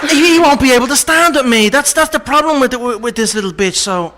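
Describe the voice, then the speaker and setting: A man's voice: very high-pitched, a little fast, pushed and bright. An Irish man voicing a brash, cocky fighter who brags and trash-talks. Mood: boastful. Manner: boastful, swaggering trash talk. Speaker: comedian doing an impression.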